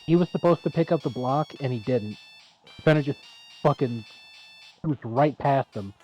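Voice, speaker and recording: A woman's voice: a bass voice, normal speed, dull audio, soft background music. A woman on a live stream chatting casually, ranting with frequent swearing. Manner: animated, profane ranting. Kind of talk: casual chat.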